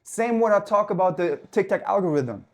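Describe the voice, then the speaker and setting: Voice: mid-range voice, expressive, moderate pace. Intense coach talking mid-workout. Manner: intense and emphatic, swears for emphasis; talks while working out at the gym. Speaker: life coach. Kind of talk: motivational podcast talk.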